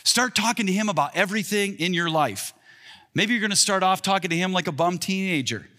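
A man's voice: sits high, lively intonation, fairly quick, pushed and bright. Man preaching in a big echoing hall. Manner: earnest, rising for acted-out quotes. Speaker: pastor. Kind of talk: sermon. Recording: long reverb in a large hall.

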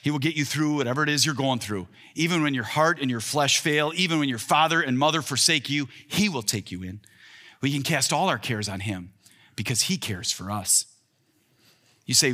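A man's voice: mid-range voice, normal speed, sharp tone. A man in his thirties preaching an earnest sermon as a pastor, voicing the quoted lines with more lift. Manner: earnest, rising for acted-out quotes. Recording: long reverb in a large hall.

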